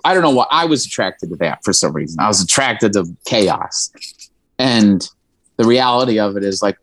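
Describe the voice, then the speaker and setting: A man speaks candidly as an interview guest, frank and emotional, with an occasional curse and a laugh. His voice sits at an ordinary middle pitch. The recording is dry and close, with no room sound. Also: expressive, moderate pace, no room sound. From Indiana, USA. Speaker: musician guest. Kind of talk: candid conversational storytelling.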